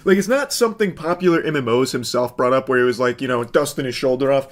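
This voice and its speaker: A man's voice: medium pitch, quick pace, few pauses. Profane sardonic male commentator. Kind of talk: casual commentary.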